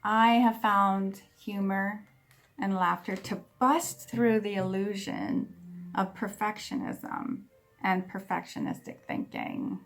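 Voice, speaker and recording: A woman speaking at a spiritual service, earnest and unhurried, leading the congregation in a laughter meditation. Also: mid-range voice, steady tone. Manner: slow and earnest, bursting into loud whoops and laughter. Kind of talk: sermon with guided laughter meditation. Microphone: online service recording.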